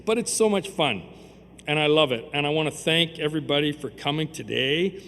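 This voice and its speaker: A man's voice: a little high, lively intonation, brisk, a bit bright, a little hiss or hum. A man, giving a rambling, heartfelt acceptance speech at an awards ceremony. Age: 60s. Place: large hall at an awards ceremony. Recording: reverberant hall with faint ambience.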